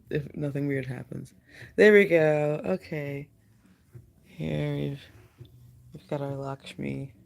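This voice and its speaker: A woman's voice: rumbling low, vocal fry. A woman livestreaming from home, chatting casually in a rambling, giggly way. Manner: rambling, giggly, doting baby talk to her cat. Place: home, indoors.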